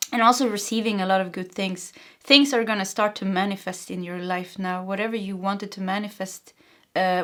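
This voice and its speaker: Woman tarot reader from Sweden, Swedish native speaking English, middling pitch, emotional and earnest delivery. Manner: emotional, earnest, frequent laughs and fillers. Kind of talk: pick-a-card tarot reading.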